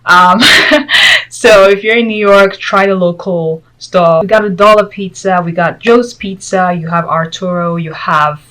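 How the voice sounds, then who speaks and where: A woman's voice: on the low side, fairly even intonation, measured pace, a bit bright, poor audio. A woman vlog host chatting casually to camera, joking and laughing between points, with Spanish as her first language.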